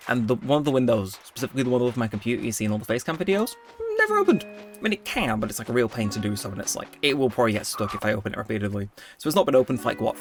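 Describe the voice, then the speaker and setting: A man giving chatty, rambling gameplay commentary, easily excited. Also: medium pitch. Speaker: gaming video host.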